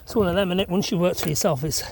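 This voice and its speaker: A man's voice: high voice, rapid-fire, vocal fry. Chatty man on site. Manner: rambling, chatty, self-deprecating. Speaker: self-builder vlogger. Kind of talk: casual vlog chat while working. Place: outdoor building site. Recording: noisy outdoor recording.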